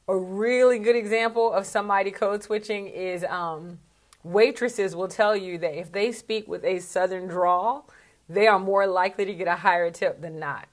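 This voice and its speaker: Chatty candid woman vlogging. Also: medium pitch. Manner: chatty and candid, with frequent fillers and asides. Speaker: speaking coach. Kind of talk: casual vlog talk to camera.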